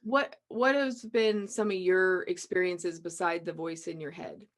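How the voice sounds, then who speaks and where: A woman's voice: lowish voice, steady tone, measured pace. Podcast host, woman, casual, chatty, filler-heavy. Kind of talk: casual chat.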